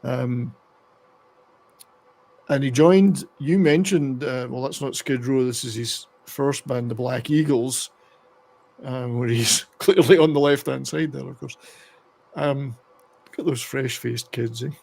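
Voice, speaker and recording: A man with a gravelly, creaky voice hosts a relaxed chat about rock music. He rambles a bit, stops to read passages aloud, and pitches his voice right in the middle range for a man. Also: measured pace, pauses often. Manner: rambling, reads excerpts aloud. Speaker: podcast host.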